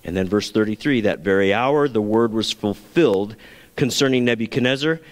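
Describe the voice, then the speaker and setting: A man's voice: on the low side, moderate pace, long reverb tail. A man preaching a sermon as pastor, earnest, now and then acting out the voices he quotes.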